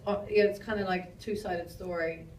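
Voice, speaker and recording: A woman's voice: medium pitch, steady tone, moderate pace, darkish tone, slight background noise. A woman from New Zealand with a New Zealand accent, telling stories as a guest at a live panel, chatty and self-mocking with frequent swearing. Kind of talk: rambling live panel talk. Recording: roomy hall audio, distant mic.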